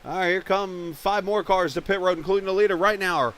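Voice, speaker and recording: A man commentating a virtual stock car race live, chatting with viewers and getting excited when cars run into trouble on pit road. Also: high voice, brisk, a little hiss or hum. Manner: chatty, reads viewer chat, gets excited at incidents.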